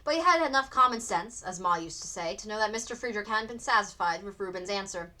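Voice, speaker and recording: A woman teacher reading a novel aloud for students in an expressive storybook narration. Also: mid-range voice, fast talker. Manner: expressive, acts out the characters.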